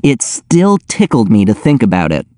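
A man narrating an audiobook in the first person with a wry, deadpan delivery. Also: fairly low pitch, moderate pace, no room sound, studio quality.

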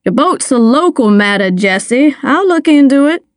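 A woman's voice: high-pitched, lively intonation, unhurried, no echo, studio quality, pitched above the performer's own voice. Figure: a genial small-town male mayor , voiced by a woman. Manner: effusive, welcoming, chatty, raised and lilting. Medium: audiobook. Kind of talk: audiobook character voice.

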